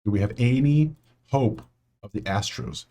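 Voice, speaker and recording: A man's voice: mid-range voice, a little slow, warm tone. A man hosting a casual solo sports betting breakdown, talking straight to players and viewers with grumbling asides.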